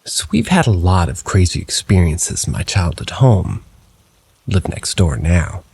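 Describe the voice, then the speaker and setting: In a measured pace, a man reads scripted paranormal stories told in the first person. His delivery is low and even, with a husky quality.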